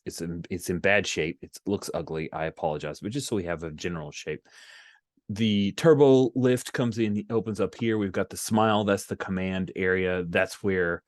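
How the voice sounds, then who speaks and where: Low-voiced, easygoing game master. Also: male voice, no room sound, clean studio sound. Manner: casual, chuckling, checks in with players. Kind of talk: running a tabletop game online.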